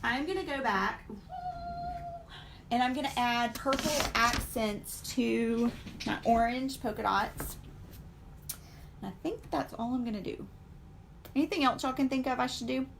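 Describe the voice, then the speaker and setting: A woman in her forties chats through a live painting stream, wandering from one aside to the next. Her mid-pitched voice has a gravelly, creaky edge. A faint hiss sits under the recording. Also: unhurried, pauses often. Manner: chatty, rambling, full of fillers and asides to viewers. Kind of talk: casual live-stream chat while painting.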